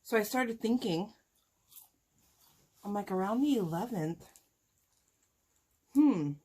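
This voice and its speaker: A woman's voice: medium pitch, lively intonation, slow, dark tone, husky. Woman, mukbang vlogger, casual heartfelt chat, emotional, talking while eating. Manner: emotional, sighing, tearful at times; talks with food in her mouth.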